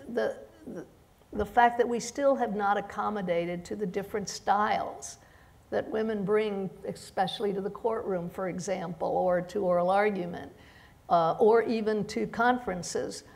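Slow, gravelly-voiced woman judge. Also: medium pitch, darkish tone. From immigrant to the United States. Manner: halting, many restarts and fillers. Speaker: judge on a panel. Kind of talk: panel discussion.

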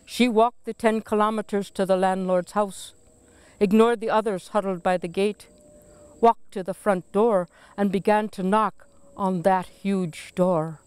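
A woman reads her own poem aloud in a solemn, deliberate recitation, taking her time over every phrase. Her voice is exceptionally smooth and resonant. The recording is dry and close, with no room sound. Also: mid-range voice, steady tone, darkish tone, no room sound. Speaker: poet reading her own work. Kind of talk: poetry reading.

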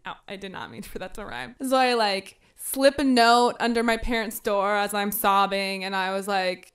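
A woman podcast host telling a funny personal story in a casual, animated way, acting out her younger self's lines. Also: mid-range voice, moderate pace, hardly any pauses.

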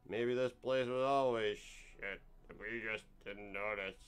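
A man's voice: on the low side, fairly even intonation, clean tone, faint music behind. A man doing a slurring drunk barfly. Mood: maudlin. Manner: slow, slurred, wistful drawl. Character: drunk middle-aged male bar regular.

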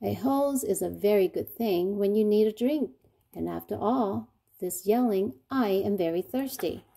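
A woman reading a storybook and voicing a calm, clever female roly-poly bug who reasons things out. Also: medium pitch, a little slow, vocal fry, a little hiss or hum. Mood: reasoning.

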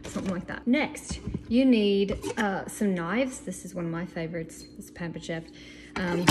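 A woman casually showing meal prep tools in her home kitchen, chatty and enthusiastic with playful asides. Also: medium pitch. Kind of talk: casual kitchen demo video. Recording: loud background noise.

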